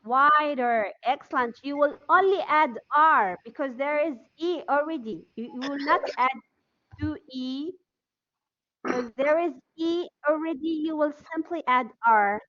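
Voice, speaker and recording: A woman's voice: high-pitched, a little slow, sharp tone. A woman with an Arabic accent teaching an online English class, drilling students word by word and praising answers. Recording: dull, muffled lo-fi audio.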